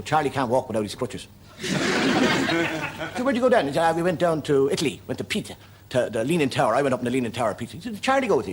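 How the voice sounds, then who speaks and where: Male comedy host, lively pitch, brisk joke-telling with voiced characters, old noisy TV audio. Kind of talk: stand-up monologue. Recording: old TV recording with audience noise.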